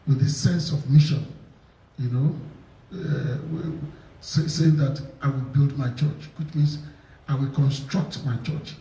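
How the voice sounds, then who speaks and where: A man's voice: mid-range voice, steady tone, measured pace, dark tone, roomy sound, far from the mic, slight background noise, poor audio. A man with a Nigerian accent, preaching a sermon in a repetitive, emphatic cadence with many fillers. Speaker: pastor.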